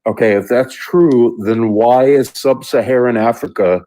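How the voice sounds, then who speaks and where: A man's voice: medium pitch, a little slow, warm tone. Combative man arguing on a call-in line. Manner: combative, interrupts with "wait a second". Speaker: caller. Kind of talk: heated debate.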